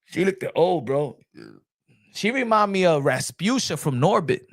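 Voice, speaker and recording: Male boxing vlog host, casual animated commentary, street slang, repetitive emphasis. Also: sits high, unhurried, dry recording, studio quality.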